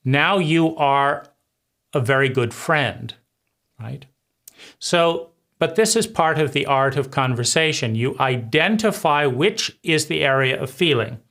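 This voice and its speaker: A man teaching conversation skills in a deliberate way, often repeating himself and checking in with "right?". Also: mid-range voice, animated, a bit bright. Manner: slow, deliberate, repeats phrases and asks "right?". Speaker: life coach.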